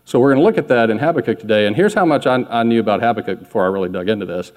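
A pastor preaching a sermon in a candid, self-deprecating, conversational way to a church congregation. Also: male voice, mid-range voice, very fast, darkish tone, big-room sound.

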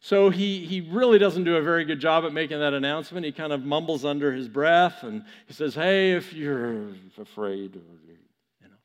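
A male pastor preaching a sermon, telling a story with animated, chuckling asides. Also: on the high side, fairly quick, few pauses, long reverb tail.

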